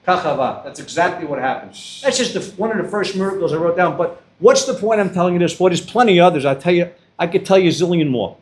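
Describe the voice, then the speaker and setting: A man's voice: on the high side, fast talker. An older man giving a storytelling address to students as a guest speaker, acting out the dialogue in his stories. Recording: roomy hall echo.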